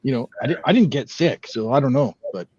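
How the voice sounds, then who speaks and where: A man's voice: mid-range voice, lively intonation, fast talker, darkish tone, husky, no room sound, lo-fi sound. A man telling a story in casual, profane podcast chat, rambling and swearing freely. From Canada.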